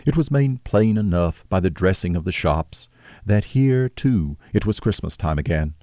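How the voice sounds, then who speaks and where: Deep, mellow male storyteller. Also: no room sound, clean studio sound. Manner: steady, measured storytelling. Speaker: narrator. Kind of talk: audiobook narration of a classic novel.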